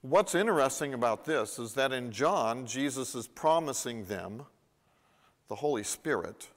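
A man preaching a sermon as pastor, animated and emphatic, his intensity rising and falling, with frequent restarts and repetitions. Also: mid-range voice, unhurried. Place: church. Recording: long reverb of a church hall.

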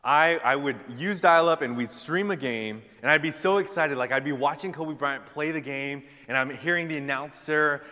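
Young man, preacher, bright forceful voice, slightly high, animated storytelling, long hall reverb. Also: moderate pace, few pauses. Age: young adult. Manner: animated storytelling, loud punchlines, casual fillers. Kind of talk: sermon with personal stories.

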